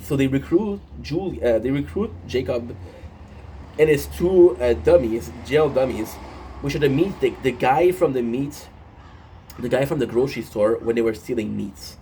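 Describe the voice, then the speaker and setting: A man's voice: mid-range voice, normal speed, mellow, slight background noise. A man casually recapping a show episode on his phone, rambling with many fillers and restarts and swearing often.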